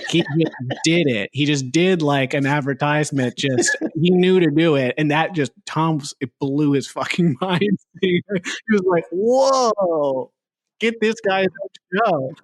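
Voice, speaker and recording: A man's voice: on the high side, measured pace, few pauses. A man co-hosting a podcast, recounting things loosely with laughs mixed in. The sound is dry and close, with no room echo. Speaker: podcast co-host. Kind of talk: casual comedic chat.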